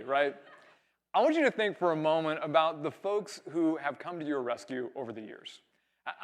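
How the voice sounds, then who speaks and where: A young male pastor originally from California tells a story from the pulpit. His voice sits a little higher than most men's, and he acts out every line of dialogue with lively, animated delivery. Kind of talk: sermon storytelling.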